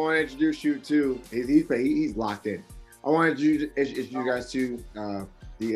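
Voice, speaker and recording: A man hosting a wrestling podcast in casual chat, excitable, with loud bursts and repeated restarts, over faint music. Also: medium pitch, moderate pace. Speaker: podcast host.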